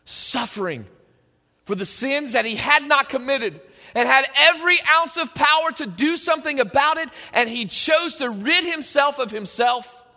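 A man preaching a sermon, animated and joking, at times building up to shouting. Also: very high voice. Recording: long hall reverb.

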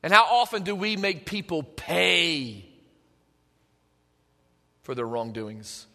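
A man preaching a sermon in a conversational way, moving between hushed and emphatic, in a church hall with long reverb. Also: fairly high pitch, sing-song, takes it slowly, gravelly.

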